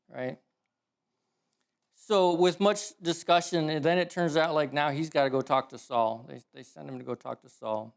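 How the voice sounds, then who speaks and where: A male preacher with a somewhat high voice delivers a sermon. He tells the story in a casual, animated way and stops now and then to correct himself. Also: moderate pace, vocal fry. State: emotional.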